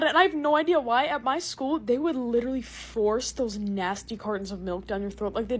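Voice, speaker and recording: A young woman doing a casual, sarcastic comedic monologue, animated and quick to laugh. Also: fairly high pitch, slightly rough. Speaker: comedic creator.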